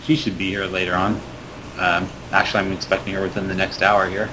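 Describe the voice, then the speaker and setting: A gruff, good-natured paladin who talks low and dry, holding back more than he says, as a man voices him. Steady noise and rumble sit under the voice. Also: brisk, close to an everyday voice. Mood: easygoing. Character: jovial hard-drinking male paladin, gruff but kind. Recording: noisy recording with rumble.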